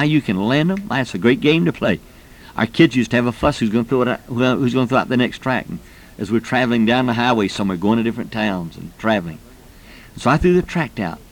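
Give me a folksy male preacher telling a lively story to a congregation. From Florida, US. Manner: folksy, animated storyteller who acts out quoted voices with rising pitch. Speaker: preacher teaching personal evangelism. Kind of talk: storytelling sermon.

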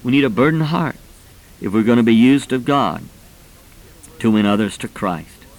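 A fervent man in his forties preaches a sermon at a middle pitch. His voice climbs to emphatic peaks as he weaves personal stories into the message. He has an earnest, storytelling manner. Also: expressive, normal speed, darkish tone, poor audio.

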